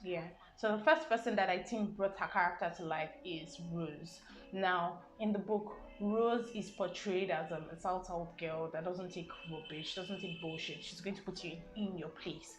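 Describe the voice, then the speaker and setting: A woman's voice: fairly low pitch, moderate pace. Chatty Nigerian woman reviewing a film. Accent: Nigerian English. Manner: rambling, many "um" and "I mean" asides. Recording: roomy sound with music behind.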